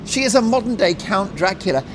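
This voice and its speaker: A middle-aged man delivers a talk show monologue in a fairly high voice that swings widely as he mocks and jokes. His manner is animated and opinionated, and a faint hiss runs under the recording. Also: a little fast. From Britain. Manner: animated, mocking, swings into jokey put-on voices.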